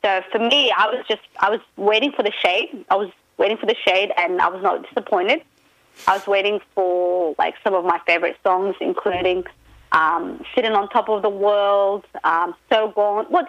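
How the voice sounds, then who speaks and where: Woman pop culture guest calling in, animated and rambling, lo-fi dry phone sound. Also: moderate pace, no room sound. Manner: animated storyteller, many fillers, pitch jumps when excited. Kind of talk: casual radio chat.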